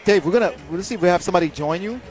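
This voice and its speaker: A man co-hosting live boxing commentary, brisk and upbeat, keeping things moving. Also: high voice, darkish tone, faint music behind. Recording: crowd noise at a live event.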